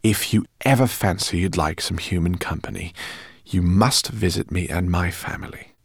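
A man's voice: low voice, moderate pace, gravelly, breathy edge, no room sound, clean studio sound, full character voice. A man voicing a kindly, bookish male professor who talks in a courteous, rambling way. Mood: genial. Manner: courteous, rambling, gently embarrassed. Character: kindly bookish male professor, middle-aged, fussy host.

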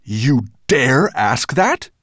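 A man's voice: medium pitch, very animated, very slow, a bit bright, no echo, clean studio sound, voice pushed up, heavily acted. A man playing a bellowing furious dragon. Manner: bellowing, threatening. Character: huge furious golden male dragon. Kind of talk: audiobook character voice.

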